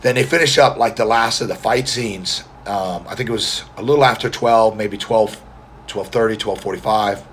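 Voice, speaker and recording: A man with a scratchy, strained voice, chatting quietly and rambling in a casual vlog, filmed on a phone indoors. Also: fairly low pitch, normal speed. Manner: talking quietly to spare his voice; rambling, friendly, many fillers and restarts. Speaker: mustache vlogger.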